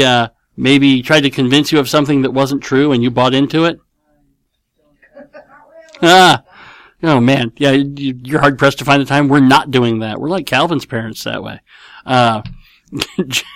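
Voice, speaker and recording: A man's voice: mid-range voice, unhurried, long pauses, fairly bright tone, no room sound. A middle-aged man hosting a casual home podcast, answering listener questions in a rambling, playful way and often correcting himself mid-sentence. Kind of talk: casual chat. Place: at home with his kids nearby.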